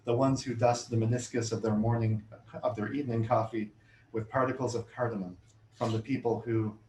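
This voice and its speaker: A middle-aged man reading his own poems to an audience in a bookshop, measured and deliberate, with chatty, self-amused asides between poems. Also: medium pitch, steady tone, a little mellow. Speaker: poet giving a reading. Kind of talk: poetry reading with spoken asides. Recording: roomy hall sound, faint room noise.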